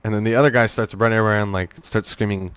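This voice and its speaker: Young guy on a podcast, lowish smooth voice, dry close sound, keeps restarting his sentences. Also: steady tone, quick pace, fairly bright tone, no echo. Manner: rambling storyteller, many fillers and restarts. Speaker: guest. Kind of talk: casual podcast interview.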